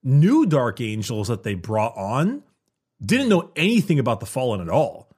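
A man's voice: medium pitch, sing-song, moderate pace, a little mellow, husky. A man explaining game lore at length in a casual podcast conversation, with frequent restarts.

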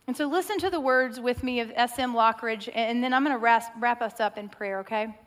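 A woman's voice: fairly high pitch, fairly quick, hardly any pauses. A woman preaching a sermon in an earnest manner, building to a rhythmic, rising recitation.

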